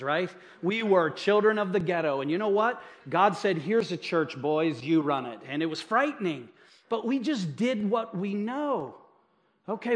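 A middle-aged male pastor preaching from a church stage, telling stories about his own mistakes in a chatty, self-deprecating way with frequent asides to the congregation. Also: high voice. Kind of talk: sermon.

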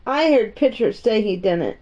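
A woman voicing a young girl in a storybook reading, with a high, eager, earnest girlish voice. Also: animated, measured pace, darkish tone, lightly acted. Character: young English girl, anxious and determined. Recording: muffled lo-fi recording.

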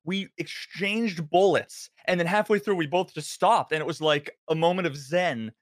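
A man's voice: on the high side, normal speed, dry recording, studio quality. A man who streams games, telling rambling stories in casual podcast chat. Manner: rambling storyteller. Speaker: game streamer.

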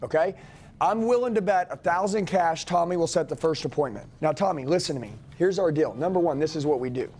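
A man giving a live sales training talk to a room, coaching hard and acting out quick customer calls. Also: a little high, slightly rough. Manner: loud, pushy coaching, quick acted role-play lines.

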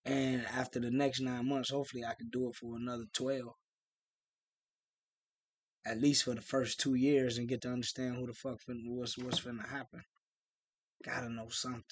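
A man co-hosting a podcast in casual chat, talking bluntly and profanely with animated storytelling. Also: medium pitch, normal speed, long pauses, husky, dry recording. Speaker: podcast co-host.

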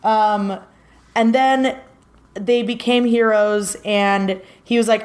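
A woman's voice: mid-range voice, steady tone, slow pace. A woman co-hosting a casual podcast, telling a story in a rambling way with many fillers. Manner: rambling, lots of filler words. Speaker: podcast co-host.

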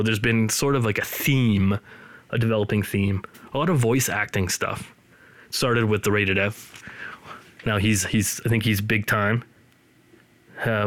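A man's voice: fairly low pitch, a bit bright, no room sound. A man hosting a podcast from his studio, rambling loosely and teasing his co-host in casual chat.

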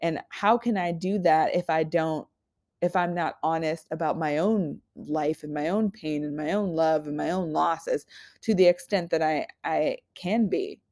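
A woman in her twenties hosting a podcast, talking in a raw, candid personal monologue that is full of halting restarts and frank swearing. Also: low voice, a little mellow. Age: 20s. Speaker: podcast host.

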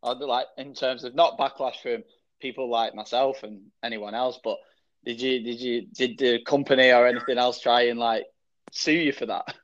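A man's voice: mid-range voice, fairly even intonation, normal speed. Podcast host guy, laid back, swears casually, muffled lo-fi audio. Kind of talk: casual interview chat. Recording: dull lo-fi sound.

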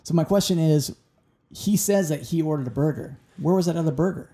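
Woman, podcast host, very low voice, mellow tone, casual follow-up questions. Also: a little fast. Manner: brief reactions and follow-up questions. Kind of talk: casual interview.

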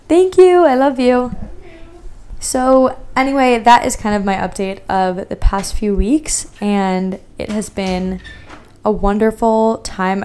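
A woman's voice: mid-range voice, a little mellow, clean tone. A young woman hosting her podcast, chatting casually and gushing, with lots of "like" fillers. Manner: chatty and gushing, heavy use of "like". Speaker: podcast host. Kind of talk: casual solo podcast chat.

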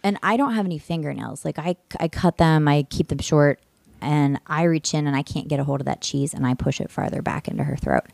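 A woman telling a story in casual podcast chat, lively and swearing freely, acting out what she said back then. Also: sits low, a little fast, vocal fry, no echo. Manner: animated, swears freely, acts out her own screams and quotes.

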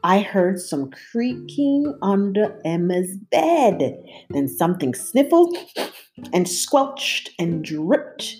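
Soft guitar lingers faintly in the background as a female storyteller reads aloud from a picture book. Her delivery is slow and expressive, with pitch that rises and falls broadly.

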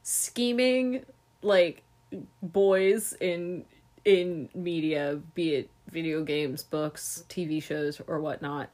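A woman's voice: low voice, steady tone, slow pace, darkish tone. A woman co-hosting a podcast, gushing and giggling as she rambles casually about favorite characters. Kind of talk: casual chat about books.

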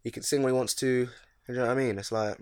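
A man's voice: medium pitch, fairly even intonation, very fast. A young man, co-hosting a podcast in slangy, laid-back banter. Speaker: podcast co-host. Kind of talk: casual chat.

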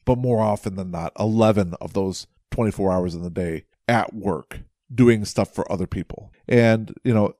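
Low-voiced man, dry close sound. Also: normal speed, few pauses, dark tone, no echo. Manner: frank, rambling storyteller. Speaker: podcast co-host. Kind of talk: casual conversational dialogue.

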